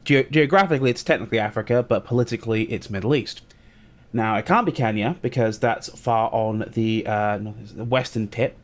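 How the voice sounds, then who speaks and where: A man's voice: lowish voice, brisk. A man with a British accent, co-hosting a podcast and telling a chatty anecdote in casual conversation. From Britain. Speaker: podcast co-host. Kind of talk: casual chat.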